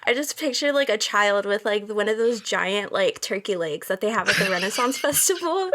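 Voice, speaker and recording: A woman's voice: medium pitch, fairly quick, fairly bright tone. A woman guest on a podcast, chatting casually and laughing a lot, guessing with many fillers. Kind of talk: casual chat.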